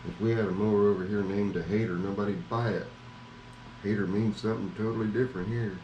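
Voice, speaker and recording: A man's voice: on the low side, steady tone, quick pace, highs cut off, close to an everyday voice. An actor playing a grumpy, sleepy man woken too early, muttering complaints. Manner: grumbling, muttering. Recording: roomy sound, faint background noise.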